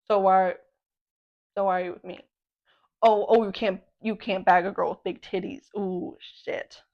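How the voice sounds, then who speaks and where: Casting: woman, 20, podcast host, excitable and self-mocking, casual storytelling. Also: mid-range voice, dull audio.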